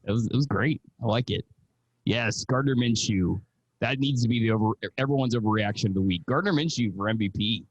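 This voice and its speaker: A man hosting a casual sports podcast, chatty and excitable as he leads the talk. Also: fairly low pitch, fairly quick, husky. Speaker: host.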